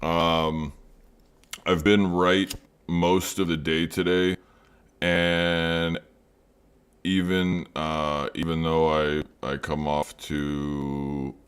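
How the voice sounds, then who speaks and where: A man's voice: rumbling low, flat delivery, extremely slow, clear, resonant tone. A man hosting a live trading stream, chatting casually with viewers and rambling with many fillers. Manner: rambling, talks to chat by name, many fillers. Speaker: livestream trading host. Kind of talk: casual livestream chat.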